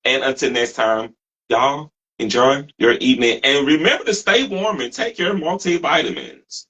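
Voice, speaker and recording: A man's voice: medium pitch, moderate pace, sharp tone, slightly rough, poor audio. A man hosting a talk show, earnestly thanking his guest and viewers. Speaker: host. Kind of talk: casual talk show sign-off.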